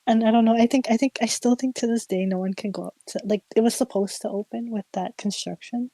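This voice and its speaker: A young woman streamer casually telling a ghost story, animated and giggly, full of "like" fillers. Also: on the high side, fast, no echo, rough recording. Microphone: streaming mic.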